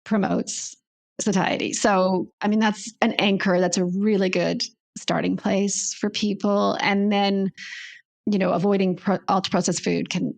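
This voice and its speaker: A woman's voice: mid-range voice, little pitch movement, measured pace, vocal fry. A woman guest, a naturopathic doctor, explaining at length in a conversational interview, often restarting and thinking aloud.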